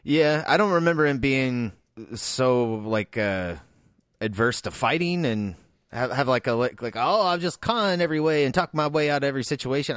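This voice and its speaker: A man's voice: medium pitch, dry recording, studio quality. A man co-hosting a casual movie podcast, rambling with lots of filler words and restarts. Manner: rambling, hesitant, many fillers. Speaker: podcast co-host. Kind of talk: casual movie-discussion banter.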